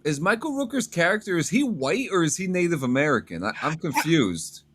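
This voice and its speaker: A man co-hosting a podcast in casual chat, animated and profane, often laughing along. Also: on the high side, fairly quick, slightly rough. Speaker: podcast co-host.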